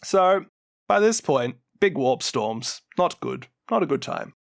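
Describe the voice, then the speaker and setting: Animated Kiwi man retelling lore. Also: on the high side, takes it slowly, vocal fry, no room sound, clean studio sound. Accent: New Zealand. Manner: animated, laughs often, acts out quotes. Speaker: podcast co-host.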